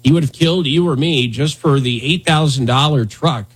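A man's voice: fairly high pitch, normal speed, husky. A man hosting a talk radio show, riffing in a sarcastic, rambling, mock-indignant way. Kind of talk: casual comedic talk radio banter.

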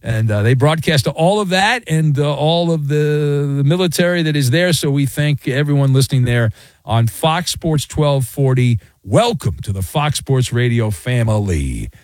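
A man's voice: on the high side, expressive, normal speed, darkish tone, no room sound, studio quality. A man hosting a call-in sports radio show, bantering playfully with callers. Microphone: studio microphone.

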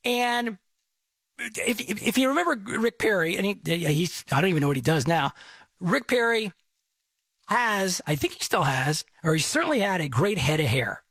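A man's voice: high voice, very animated, moderate pace, a bit bright, dry recording. A middle-aged man from Texas, telling a rambling, self-deprecating story as host. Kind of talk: casual storytelling.

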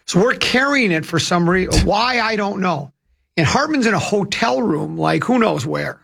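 A man's voice: sits high, lively intonation, normal speed, creaky, fairly bright tone. A man hosting a radio talk show, telling rambling, chatty anecdotes into a studio microphone. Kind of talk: casual radio storytelling.

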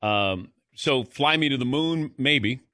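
Chatty sports radio host man, bright dry. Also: medium pitch, lively intonation, slow, no room sound. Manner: chatty, conversational. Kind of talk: casual sports talk.

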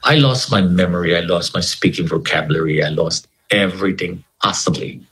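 A man giving an earnest personal testimony in an interview, quoting scripture and rising in pitch when moved. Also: fairly quick, a bit bright, low-quality recording. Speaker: interview guest.

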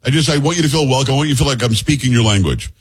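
A man's voice: medium pitch, rapid-fire, breathy edge. A middle-aged man hosting a radio talk show, chatty and joking with his co-host. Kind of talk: casual radio banter.

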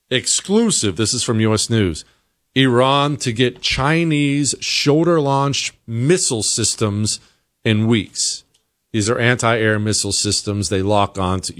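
An American man hosting a talk show, delivering an emphatic opinion monologue that climbs into high-pitched exasperation. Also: a bit bright. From United States. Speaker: political talk show host.

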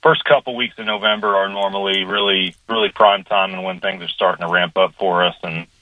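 A man, a guest calling in by phone, who talks in a halting, hesitant way. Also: sits low, fairly even intonation, no room sound. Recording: tinny phone line.

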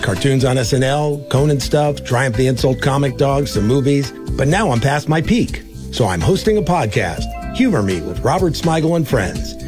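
A man's voice: mid-range voice, expressive, moderate pace, over music. Dry, self-deprecating man doing a comic promo. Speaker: comedy podcast host.

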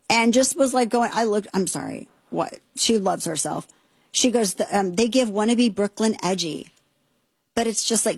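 A middle-aged woman hosting a political talk radio show, sarcastic and indignant in rapid-fire bursts. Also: on the low side, darkish tone, breathy edge, no room sound.

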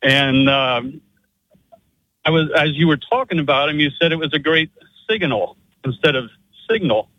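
Brief: male radio caller from Pennsylvania, polite, hesitant, slightly higher voice, dull lo-fi phone line. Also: moderate pace, pauses often, dry recording.

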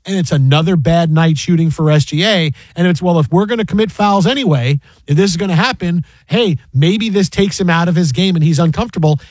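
A man's voice: a little high, brisk, few pauses, no echo, rough recording. A man hosting a sports radio show, talking casually and animatedly, often acting out other people's voices. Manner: animated, acts out quoted voices.

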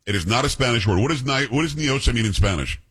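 A man's voice: medium pitch, lively intonation, quick pace, fairly bright tone, husky. A man hosting a radio talk show, telling stories bluntly and animatedly, mimicking other people's voices. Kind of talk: casual talk radio banter.

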